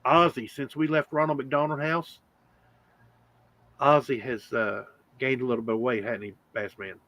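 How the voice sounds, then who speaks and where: A man's voice: mid-range voice, steady tone, normal speed, fairly bright tone, no echo. A man hosting a casual livestream chat, rambling with lots of fillers. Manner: rambling, chatty with frequent fillers. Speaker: channel host.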